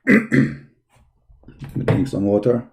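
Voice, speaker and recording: A lowish, gravelly, slightly mellow male voice, very animated and drawing out words, comes with a little hiss or hum in the audio. He hosts a live call-in debate stream, tiredly mocking and insulting opponents with emphatic repetition as he searches a website.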